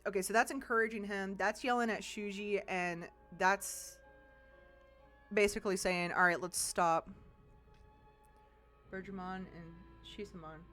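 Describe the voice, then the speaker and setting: A woman's voice: mid-range voice, fairly bright tone. A woman streamer chatting casually over gameplay, thinking aloud and swearing freely.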